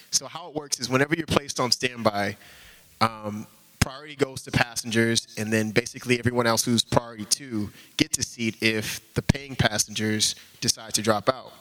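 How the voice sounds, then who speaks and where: A man's voice: mid-range voice, pushed and bright. A young man giving an earnest, informal testimony in church, peppering his talk with "like.". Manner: earnest, heavy use of "like" as filler.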